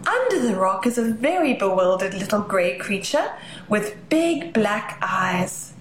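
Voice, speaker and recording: Slow, expressive woman reading a children's story. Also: mid-range voice, slight background noise. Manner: gentle, expressive, with hushed asides. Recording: roomy echo, faint ambience.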